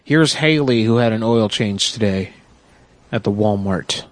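A man's voice: on the low side, a little slow, no room sound. A man hosting a casual talk radio show, sick and rambling through profane stories. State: sick, congested.

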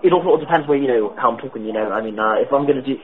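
A man's voice: mid-range voice, racing, a little hiss or hum. A British man calling into a prank show, rambling with lots of filler words. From Britain. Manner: rambling, full of fillers and restarts. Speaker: caller. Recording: tinny phone line.

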